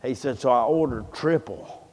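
A man tells a long sermon story in a folksy, drawn-out way, putting on the voices of the people he quotes. His mid-pitched voice carries a long reverb, as though it fills a big church hall. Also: a little mellow. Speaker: preacher.

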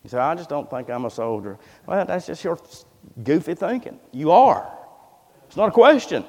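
A man preaching a sermon in a church, fervent and emphatic, swinging between loud cries and quiet asides, repeating words as he builds. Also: a little high, big pitch swings, normal speed. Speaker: pastor. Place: church sanctuary. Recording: echoey church hall sound.

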